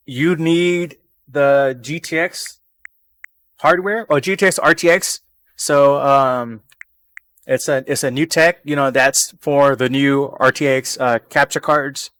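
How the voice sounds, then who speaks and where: A man's voice: fairly high pitch, fairly bright tone, dry recording. A man chatting casually on a live stream from his home gaming setup into a desk microphone, rambling and repeating phrases over and over.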